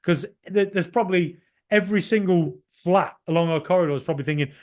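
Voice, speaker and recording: Podcast host, man in his forties, passionate and rambling, jumping from loud outbursts to mutters. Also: high-pitched, animated, quick pace. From Ireland. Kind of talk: excited solo match reaction.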